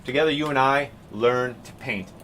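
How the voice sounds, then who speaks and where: Painting on a live stream, a man rambles casually and cracks jokes, calling his viewers "team." His voice is medium-pitched and fairly bright at a normal speed, with a little hiss or hum in the background.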